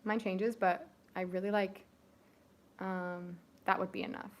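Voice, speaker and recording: A young woman co-hosts a family livestream, chatting casually with viewers and passing along audition tips. Her voice sits at a medium pitch with little rise and fall, and she talks a little slowly.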